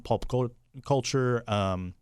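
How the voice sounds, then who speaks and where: A young man, the show's producer, chatting casually and easily, with lots of fillers and quick laughs. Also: medium pitch, smooth, no echo, clean studio sound. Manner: easygoing, laughs often, many fillers. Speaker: podcast producer. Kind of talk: casual chat.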